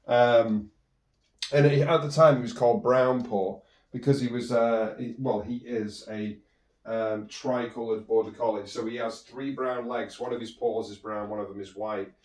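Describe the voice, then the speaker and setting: A man's voice: medium pitch, fairly even intonation, moderate pace, darkish tone, far from the mic. A man hosting a podcast, telling a personal story in a rambling way, with many restarts and fillers. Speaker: podcast host. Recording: roomy echo.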